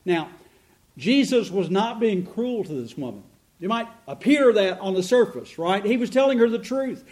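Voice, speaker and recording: A middle-aged pastor preaches in a fairly high, light voice. He is earnest and emphatic, slows down to stress key lines, and asks the listeners rhetorical questions. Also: expressive, darkish tone. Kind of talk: sermon.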